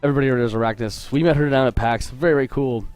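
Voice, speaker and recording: A man's voice: medium pitch, racing, darkish tone, dry recording, faint music behind. A man hosting a live drawing stream as a game artist, chatty and upbeat, greeting viewers and joking as he sketches. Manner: joking and self-interrupting. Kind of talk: casual livestream chat while drawing.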